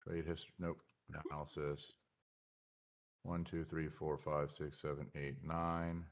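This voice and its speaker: Man, live trader op stream, lage stem, bot en direct, losse kletstoon. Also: deep voice. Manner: blunt, argumentative, counts aloud while checking numbers. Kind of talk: casual livestream talk.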